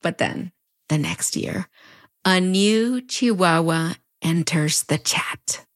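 A woman's voice: fairly low pitch, slow pace, no echo, studio quality. A woman in her thirties with a Mexican border accent, narrating a scripted commentary in a wry, conversational way with playful asides. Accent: Mexican border English. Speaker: video essay host.

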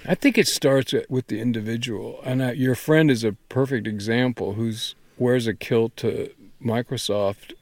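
A man's voice: mid-range voice, moderate pace, few pauses, a little mellow, no echo. A man who writes and teaches, speaking as an interview guest with earnest enthusiasm, often restarting as he thinks aloud. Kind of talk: conversational interview.

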